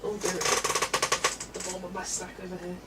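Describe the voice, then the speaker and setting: A woman's voice: fairly low pitch, monotone, normal speed. A woman hosting a livestream, chatting casually with viewers and laughing often. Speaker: colouring livestream host. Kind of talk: casual chat reading live comments. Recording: faint background noise.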